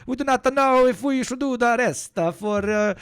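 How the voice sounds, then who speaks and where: A man's voice: extremely high pitch, moderate pace, fairly bright tone, clean tone, voice pushed up. A man putting on a blustering mock-Italian accent as a pompous Italian man, full of filler and mock indignation. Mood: mock-bewildered. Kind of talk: comedic impression on a livestream.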